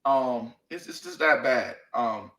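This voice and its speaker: A man's voice: medium pitch, lively intonation, slow, a bit bright, reverberant, poor audio. A man co-hosting a casual sports talk show, blunt and profane, leaning on "man" and "you know what I mean.". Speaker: sports podcast co-host.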